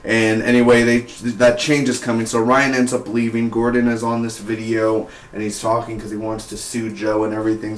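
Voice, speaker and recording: A man's voice: lowish voice, echoey room. A man giving a casual spoken review of a TV series, rambling and full of "like" and "you know".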